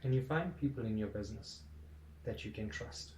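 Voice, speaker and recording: A man hosts a podcast and speaks in a direct, encouraging way. His voice is fairly low. The room is echoey, with a faint noise underneath. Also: brisk, a little mellow. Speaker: podcast host. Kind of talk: casual conversation.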